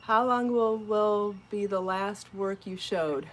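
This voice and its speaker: A woman's voice: mid-range voice, slow. Woman host, home live stream: chatty, upbeat, encouraging, laughs easily, faint hiss behind her. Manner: chatty, encouraging, laughs often, answers viewer comments. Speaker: podcast host and crochet designer. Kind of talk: casual live-stream chat.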